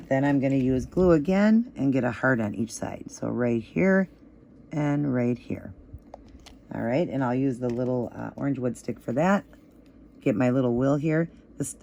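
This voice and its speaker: A woman walks through a nail art tutorial in a casual, chatty way, with plenty of fillers. Her voice is a little hoarse and crackly. She talks at an easygoing, relaxed pace. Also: very deep voice. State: slightly hoarse, voice still crackly.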